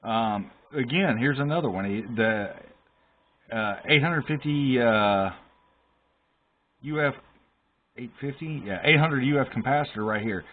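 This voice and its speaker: A man's voice: mid-range voice, unhurried, pauses often. A man casually walking through a console repair at his workbench, emphatic and exasperated about the shoddy work he found. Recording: tinny phone-like sound with faint hiss.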